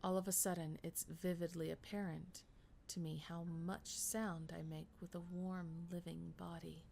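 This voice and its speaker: A woman streamer reading a visual novel aloud in a hushed, measured, dramatic way. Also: lowish voice, creaky, a little hiss or hum. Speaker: game streamer.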